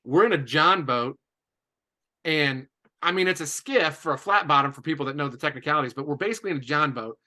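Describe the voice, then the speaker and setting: A man from Indiana, a podcast guest, telling a lively story with many "and, uh" fillers. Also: on the high side, a little fast. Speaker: podcast guest, business coach. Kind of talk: animated storytelling.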